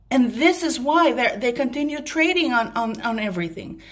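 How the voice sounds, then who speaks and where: A woman vlogger from a Commonwealth country rants emphatically about her opinions straight to her viewers, now and then breaking off to apologize for ranting. Her voice sits high and is expressive, at a moderate pace with few pauses.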